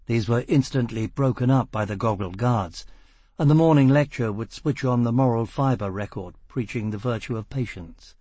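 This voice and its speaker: A man narrating a novel in a measured, dramatic voice with steady pauses. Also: medium pitch, breathy edge, dry recording. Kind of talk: audiobook narration.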